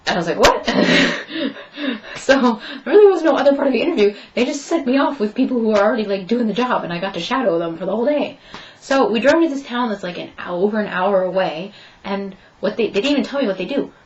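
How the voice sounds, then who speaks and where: A woman's voice: mid-range voice, lively intonation, fast talker, dull audio. A young woman telling a story in a casual vlog update, chatting and acting out both sides of her conversations. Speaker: vlogger.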